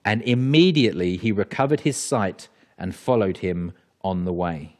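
Male preacher, lowish voice, casual sermon delivery that trips over its own starts. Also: expressive, moderate pace, a little mellow. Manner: conversational, with frequent restarts.

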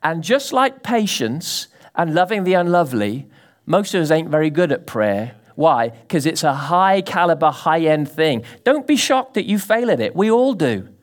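A man preaching a sermon to a congregation, animated and full of sudden rises and drops, often asking the listeners questions. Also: a little high, normal speed, hardly any pauses. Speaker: pastor.

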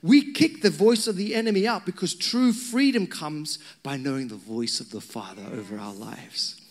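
A man's voice: a little high, normal speed. A man preaching a sermon, telling personal stories with conversational asides to the congregation. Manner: animated storytelling, conversational asides to the crowd. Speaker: pastor.

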